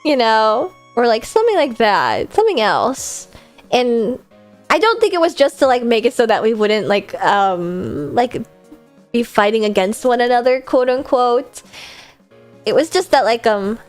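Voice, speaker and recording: A woman's voice: a little high, big pitch swings, a little slow, soft background music. A woman hosting a casual live-stream Q&A, chatty and rambling, with a self-deprecating streak.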